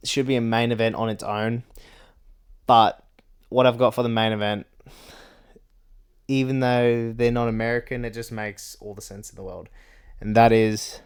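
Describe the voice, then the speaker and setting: A man's voice: medium pitch, smooth. A man hosting his own vlog, rambling through casual chat about fights, swearing often and laughing between points. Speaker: MMA commentary vlogger.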